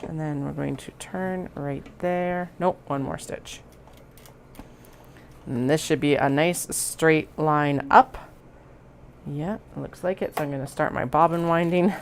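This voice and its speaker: A woman's voice: on the low side, slight background noise. A woman chatting to herself as she sews a bag, talking through each step in a casual, self-amused way. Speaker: crafter sewing on stream. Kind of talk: casual sewing narration. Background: sewing machine running.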